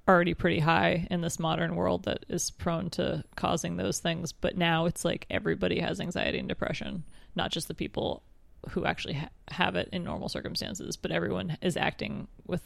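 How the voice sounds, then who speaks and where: A man's voice: high voice, vocal fry, no room sound. A man co-hosting a podcast in casual chat, thinking aloud with fillers and laughing often. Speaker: podcast co-host.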